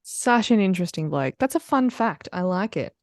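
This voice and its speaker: A woman's voice: lowish voice, lively intonation, moderate pace, a little mellow, no room sound, clean studio sound. A woman co-hosting a podcast in casual chat, laughing often as she explains a movie quiz game. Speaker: podcast co-host.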